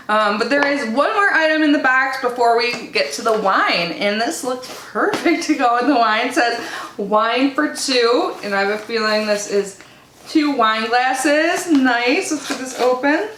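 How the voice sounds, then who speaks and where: A woman's voice: on the high side, expressive, normal speed, a bit bright, a little hiss or hum. A woman chatting casually as she unboxes a subscription box, bubbly and talkative, reading product cards aloud. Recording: echoey room.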